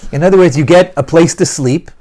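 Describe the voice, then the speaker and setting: A man's voice: on the high side, fairly quick, warm tone. A man teaching a Torah class to students, asking them questions and repeating key phrases as he explains a verse.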